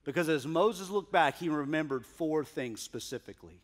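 A man preaching a sermon as pastor, emphatic, swinging from loud declarations to hushed asides. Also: a little high, expressive, normal speed.

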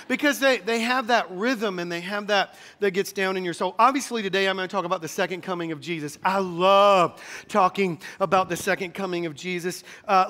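Bright high-voiced pastor in a reverberant hall. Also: male voice. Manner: energetic, rises to shouting bursts; leads congregation call-and-response. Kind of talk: sermon. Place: church sanctuary.

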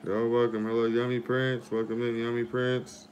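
A man's voice: mid-range voice, monotone, normal speed, a little hiss or hum. A man hosting a casual livestream, greeting and thanking viewers by name over and over. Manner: repetitive shout-outs and thanks to viewers. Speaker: livestream host. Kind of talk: casual live-stream chat.

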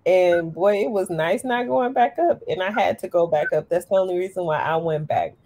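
A woman on a casual panel who tells her stories in a lively way, calling out to listeners. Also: on the low side, moderate pace, no echo. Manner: lively storyteller, addresses listeners as y'all. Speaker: panelist living abroad.

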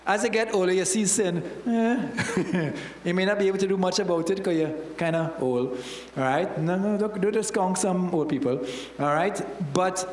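A man's voice: high-pitched, reverberant, in a large hall, rough recording. A man with a Trinidadian accent, a church elder preaching a sermon in a conversational way, often checking in with "all right?".

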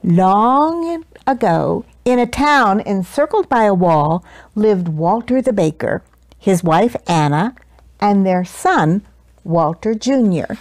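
A woman reading a children's picture book aloud with expressive storytelling. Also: medium pitch, slow, no room sound.

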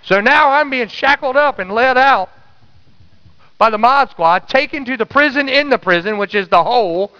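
A man preaching a sermon, calling out to the congregation and dropping to a hush for quoted words. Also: very high voice, lively intonation, moderate pace, clean tone, big-room sound, highs cut off. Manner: call-and-response preaching, swings from loud to hushed. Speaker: pastor.

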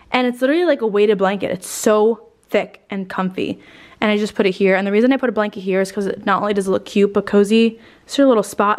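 Twenties woman vlogger, upbeat and a little out of breath, slightly high-pitched, chatty and casual. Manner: gushing, chatty, swears casually. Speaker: lifestyle vlogger. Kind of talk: casual home tour chat. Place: her decorated home, indoors.

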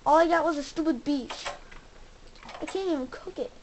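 A young woman hosting a gaming channel, giving casual commentary as she plays and talking excitedly to her viewers. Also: high-pitched, normal speed, slight background noise, low-quality recording. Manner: excitable, exclaims and talks to viewers.

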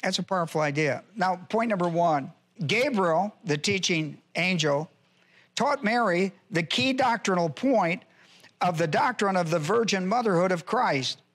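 A male pastor delivering an expository sermon in a slow, deliberate way. His voice sits high for a man, and he circles back to repeat key phrases for emphasis. He often stops to spell out Greek words letter by letter. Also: expressive, fairly bright tone. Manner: addresses listeners directly, informal grammar. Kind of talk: expository Bible teaching.

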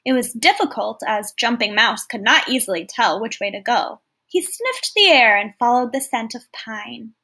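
Teacher lady reading a story to kids, high bright voice, stops to explain stuff. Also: expressive, moderate pace, few pauses. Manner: clear, explaining, often asks listeners questions. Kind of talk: read-aloud lesson for children.

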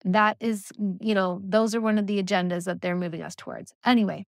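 A woman's voice: mid-range voice, fairly even intonation, brisk, gravelly, dry recording, clean studio sound. A woman hosting a spiritual solo podcast, talking earnestly and rambling with frequent filler words. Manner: earnest, rambling, with many "you know" and "like" fillers. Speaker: podcast host.

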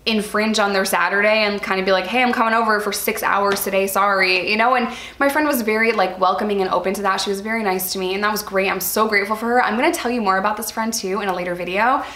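A woman's voice: mid-range voice, quick pace, hardly any pauses, a bit bright. Earnest woman vlogger, roomy echo. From New York. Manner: earnest, chatty, addresses viewers as "you guys". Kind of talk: candid personal storytelling to viewers.

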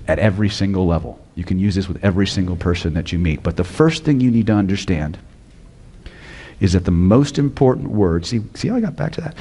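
A man's voice: on the low side, mellow, husky, big-room sound. A man teaching hypnosis at a live seminar, blunt and profane, often quizzing the audience. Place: lecture hall with audience.

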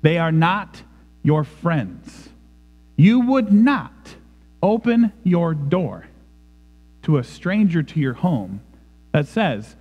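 A man's voice: fairly high pitch, big pitch swings, slow, pauses often, husky, long reverb tail, highs cut off. A man preaching a sermon in a church, emphatic and dramatic. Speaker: pastor. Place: church sanctuary.

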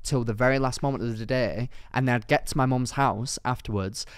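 A man's voice: medium pitch, a little fast, clean tone, dry recording, studio quality. A young man co-hosting a podcast, telling rambling anecdotes in casual chat. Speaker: podcast co-host.

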